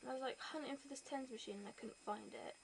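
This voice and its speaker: A woman's voice: high-pitched, fast, gravelly, slight background noise. A young British woman, pregnant, chatting casually in a home vlog, telling stories and acting out the people in them. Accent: British English. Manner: chatty storytelling, acts out quoted people. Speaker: vlogger. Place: bedroom floor at home. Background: gerbils rattling.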